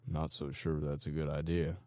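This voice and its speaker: A man's voice: rumbling low, flat delivery, moderate pace, darkish tone, no echo, clean studio sound. A man voicing a serious, plain-spoken husband and father.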